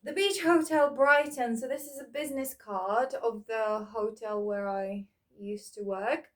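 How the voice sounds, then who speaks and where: A vlogger with a fairly high, unhurried voice chats casually while sorting through old keepsakes. She rambles and thinks aloud, reminiscing with plenty of fillers.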